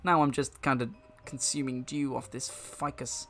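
A male streamer commenting on a first-time video game playthrough during a live session. He jokes and swears freely and often laughs. His voice is mid-pitched and unremarkable in tone. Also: steady tone, measured pace, soft background music. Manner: profane and joking, laughs often. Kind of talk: live let's-play commentary.

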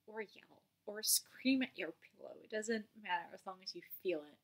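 A young woman talking candidly in a personal vlog about a meditation practice, unguarded, laughing and swearing now and then, her voice often sinking to a soft near-whisper. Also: mid-range voice, expressive, moderate pace, hardly any pauses. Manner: swearing and laughing as she talks. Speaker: vlogger sharing a meditation practice.

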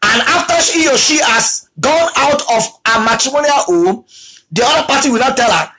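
A preacher giving a talk on abuse in marriage, repeating key lines for emphasis and acting out quoted spouses in a lower voice. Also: lively intonation, moderate pace, pushed and bright, husky, rough recording. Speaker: teacher on marriage.

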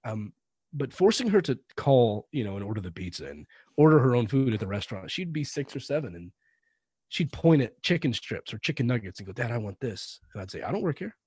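A man being interviewed on a podcast, telling anecdotes in a relaxed, conversational way and animating the voices of people he quotes. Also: mid-range voice, a little fast, slightly rough, no room sound. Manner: anecdotal, animated when quoting others. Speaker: podcast guest. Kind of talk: conversational storytelling.

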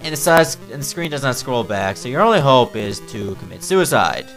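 A man's voice: medium pitch, very animated, brisk, few pauses, a bit bright, faint music behind, rough recording. Sarcastic man mocking a bad game. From Newfoundland, Canada. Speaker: video game reviewer. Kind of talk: comedic game review commentary.

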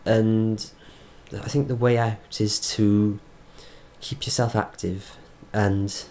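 A Welsh man speaking earnestly in a reflective video diary, halting and restarting as he thinks. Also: on the low side, little pitch movement, darkish tone, slight background noise. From Wales. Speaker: vlogger.

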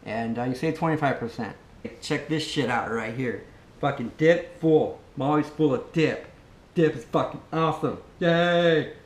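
A man's voice: medium pitch, moderate pace. Crude jokey vlog guy rambling on, kinda echoey room. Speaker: vlog host. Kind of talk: casual vlog chat.

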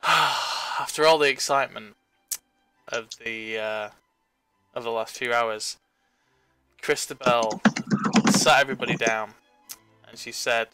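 A man's voice: mid-range voice, takes it slowly, pauses often, loud music behind the voice. A man hosting a tabletop game online, chatting casually and telling story asides between laughs. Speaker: game host.

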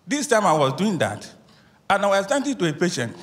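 A man stands before a church congregation to share his testimony, his fairly high voice rising and falling with earnest animation. Long reverb from the hall trails behind every phrase. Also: big pitch swings, a little fast. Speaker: church member giving a testimony. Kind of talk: spoken testimony.

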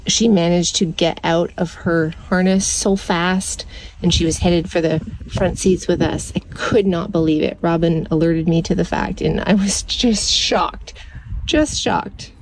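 A woman vlogging casually from inside a parked car, chatting to viewers and cooing at her dog in a high sing-song voice. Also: steady tone, unhurried, background noise. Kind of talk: casual chat.

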